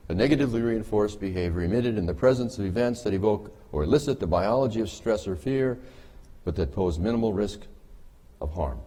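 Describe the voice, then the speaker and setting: Wry man lecturing with a husky low voice. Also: animated, fairly quick, warm tone. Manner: wry, joking, with audience laughter. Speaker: conference speaker on behavior analysis. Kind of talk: humorous conference lecture. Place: conference hall.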